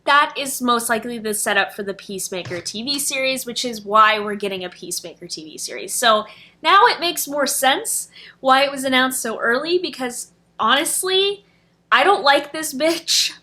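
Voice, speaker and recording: A woman's voice: a little high, bright, forceful tone. A young adult woman reviewing a film in casual chat, gushing and emotional, with many fillers.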